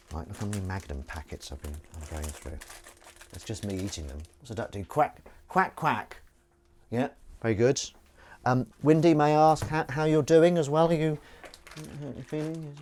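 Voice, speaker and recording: A man's voice: mid-range voice, darkish tone, a little hiss or hum. A man hosting a livestream from his kitchen, chatting casually and jokingly while reading out viewer comments. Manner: rambling, jokey, reading out chat comments. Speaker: livestream host. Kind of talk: casual chat while washing up.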